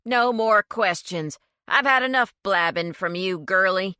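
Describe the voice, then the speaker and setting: A woman's voice: mid-range voice, a little slow, sharp tone, clean tone, dry recording, clean studio sound. Woman reading as a cold, menacing male criminal. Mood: threatening. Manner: curt, menacing, emotionless.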